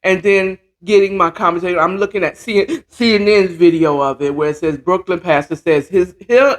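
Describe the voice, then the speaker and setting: A woman's voice: lowish voice, normal speed. Outspoken woman host, rambling commentary. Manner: opinionated, rambling, with frequent restarts and asides. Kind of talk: casual commentary chat. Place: home, at a computer.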